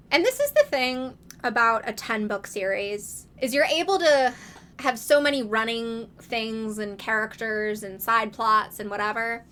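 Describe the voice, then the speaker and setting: Bright-voiced woman recapping a book series. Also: a little high. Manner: animated, laughing often, acting out quoted dialogue.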